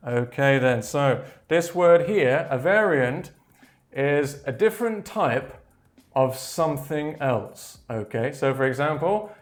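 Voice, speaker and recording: A man teaching vocabulary in a slow, patient way, repeating key words and filling pauses with "okay, there we go". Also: medium pitch. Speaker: English teacher. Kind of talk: slow explanatory vocabulary lesson.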